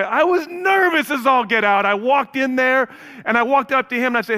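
A man preaching a sermon to a congregation, telling a story and speaking to the crowd directly, moving from hushed to loud and excited. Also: very high voice, moderate pace, big-room sound. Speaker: pastor.

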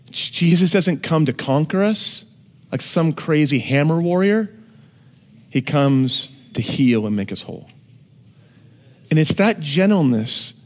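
A man preaching a sermon, animated, moving from hushed tones to shouted emphasis. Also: fairly high pitch. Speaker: pastor. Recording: long hall reverb.

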